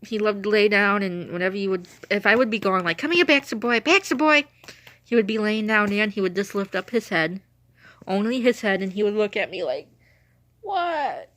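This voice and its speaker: A woman's voice: medium pitch, fairly even intonation, fairly quick, fairly bright tone, dry recording. Chatty woman with a runny nose. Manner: chatty, meandering, laughs often. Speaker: vlogger telling stories about her late dog. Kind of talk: casual rambling storytelling.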